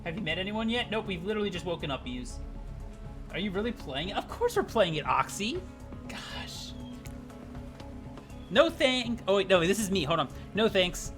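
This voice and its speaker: A man streaming a game playthrough to chat, swearing often and reacting loudly, at a desk mic at home. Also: high voice, very animated, normal speed, pauses often, music in the background. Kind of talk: casual livestream playthrough.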